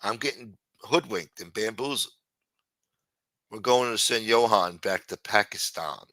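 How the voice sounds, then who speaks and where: A male livestream host ranting in a profane, exasperated way. His voice is bright and forceful. It is recorded dry, with no room sound. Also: lowish voice, a little slow, dry recording.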